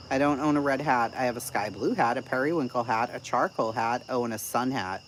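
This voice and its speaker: A woman's voice: rumbling low, fairly quick, hardly any pauses, a little hiss or hum, poor audio. A woman chatting casually on a live stream. She is blunt and profane, swears freely, and tells a sarcastic story about an argument.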